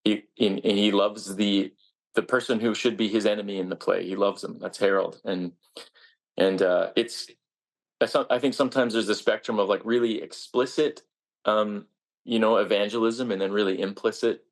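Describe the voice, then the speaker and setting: A man's voice: lowish voice, fairly even intonation, moderate pace. A man, a stage actor, answering interview questions in an earnest, reflective way with frequent restarts.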